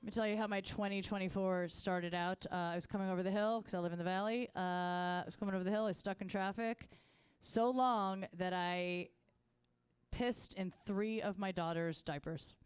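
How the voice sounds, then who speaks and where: On a festival stage, a woman performs a brash stand-up set full of profane stories, her smooth voice at a moderate pace with no room sound. For quoted lines she jumps to a much higher, excited voice.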